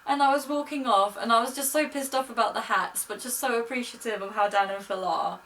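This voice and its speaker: Her voice on the high side and fairly bright, a young vlogger chats a little fast through a gushing story, quoting people in her own voice. The casual recording comes from a distant mic with faint noise.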